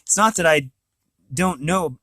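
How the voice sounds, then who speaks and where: Nervous young noblewoman, halting and unsure, gentle bride, man reading her lines aloud, slightly high voice, dry sound. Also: animated, no room sound, heavily acted. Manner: hesitant, halting speech.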